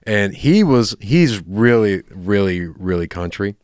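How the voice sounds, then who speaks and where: A man's voice: on the low side, animated, slow pace, a little mellow, clean tone, dry recording, studio quality. A young man co-hosting a podcast, telling stories in casual chat and laughing often. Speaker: podcast co-host.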